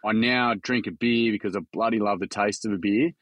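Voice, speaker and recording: A man's voice: lowish voice, fairly even intonation, fairly quick, fairly bright tone, no echo. A young Australian man telling his own story in a casual podcast chat, earnest and frank with some swearing. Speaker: charity founder and workshop facilitator.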